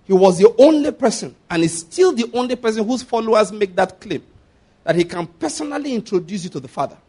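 Emphatic high-voiced preacher. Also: male voice, sing-song, fairly quick, a little mellow, slightly rough. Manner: emphatic, repeats points and checks the audience follows. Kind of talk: sermon.

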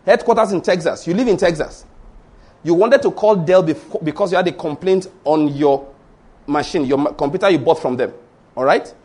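A man's voice: a little high, brisk, darkish tone. A middle-aged man with a Nigerian Yoruba accent, preaching a sermon in an emphatic storytelling way. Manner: storytelling, emphatic, repeats points. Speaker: pastor.

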